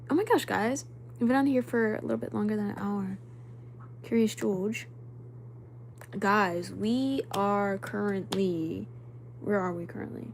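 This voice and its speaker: A woman's voice: mid-range voice, unhurried, creaky, long pauses, slight background noise. A young woman in her twenties hosting a casual livestream, chatting and reading viewer comments, now and then dropping to a whisper. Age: young adult. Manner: chatty, animated, drops to whispers when spooked. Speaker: livestream host.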